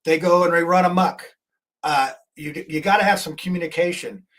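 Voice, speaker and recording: A man on a talk show vents about the news in an indignant, rambling way. He keeps restarting his sentences. His voice sits a little high for a man. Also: steady tone, moderate pace, fairly bright tone. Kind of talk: political commentary.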